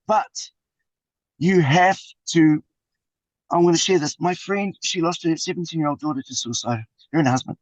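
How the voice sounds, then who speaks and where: A middle-aged New Zealand man speaks in a heartfelt, uplifting way, with a voice on the high side for a man. The sound is dry and a little dull, recorded close with no room echo. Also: normal speed. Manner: passionate, uplifting, weaves in Māori words. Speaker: interview guest, suicide survivor and mentor. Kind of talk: heartfelt storytelling interview.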